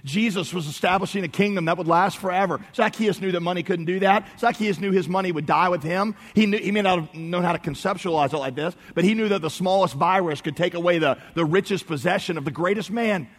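A man preaching a sermon, swinging between soft low emphasis and loud, high outbursts. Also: fast, few pauses, big-room sound. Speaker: pastor.

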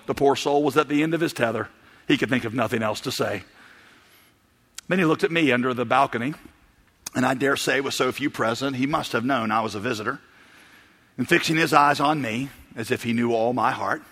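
A man's voice: medium pitch, brisk, fairly bright tone, in a large hall. A man preaching a sermon as pastor, telling a story with animation and reading quotes aloud.

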